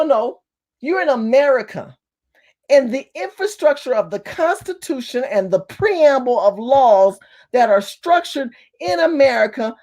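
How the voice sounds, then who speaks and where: A woman telling a story to her camera in an animated, emphatic rant, with some cursing. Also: a little high. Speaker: vlogger. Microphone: phone or camera facing her.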